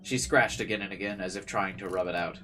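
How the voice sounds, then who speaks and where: A man's voice: sits low, quick pace, pushed and bright, faint music behind. A man hosting a let's play, reading a visual novel's narration aloud and breaking in with dry joking asides.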